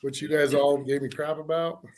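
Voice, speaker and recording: A man's voice: fairly high pitch, level tone, normal speed. A man, a former college football player, telling a self-mocking team story in easygoing podcast chat.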